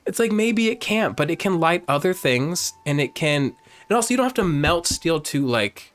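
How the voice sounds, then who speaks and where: A man's voice: fairly high pitch, big pitch swings, normal speed, a bit bright. A man giving campy, chatty let's play commentary while playing a game, joking and swearing freely. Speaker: gamer, host.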